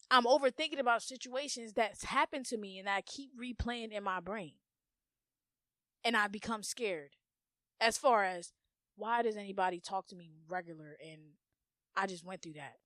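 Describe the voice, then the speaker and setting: A young woman hosting a solo podcast, talking candidly in profane slang, dropping to hushed murmurs, then bursting out loud, and repeating words in rhythmic runs. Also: fairly high pitch, dry recording, studio quality. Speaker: podcast host.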